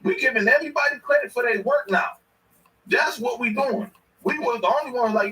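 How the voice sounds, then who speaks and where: A man, ranting at a clip in a heated, confrontational way, circling back to the same points again and again. His voice sits high and bright. He sounds set back from the microphone. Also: fairly quick, far from the mic, rough recording. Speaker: commentator reacting to a clip. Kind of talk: ranting commentary.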